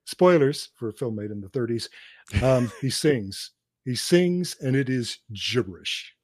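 With an expressive, medium-pitched voice and a slightly slow pace, a man who teaches cinema co-hosts a casual podcast chat. He lays out film history as if lecturing, with laughter between points, and the studio-quality audio has no echo.

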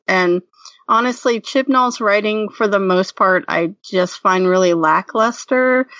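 A woman's voice: mid-range voice, fairly bright tone, dry recording. A woman co-hosting a podcast, chatting casually and giving frank opinions with plenty of fillers. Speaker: podcast co-host. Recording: muffled lo-fi, off-mic.

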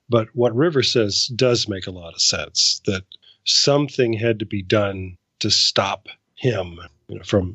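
A man's voice: lowish voice, sharp tone, breathy edge, dry recording. A man co-hosting a casual discussion, enthusiastic and stammering at the start of his sentences. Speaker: podcast co-host.

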